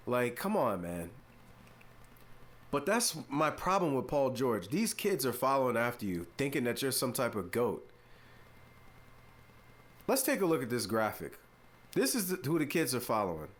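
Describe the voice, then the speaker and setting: Male sports podcast host, mid-pitched, casual and mock-exasperated, playful drawn-out emphasis. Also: a bit bright. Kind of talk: casual opinion commentary.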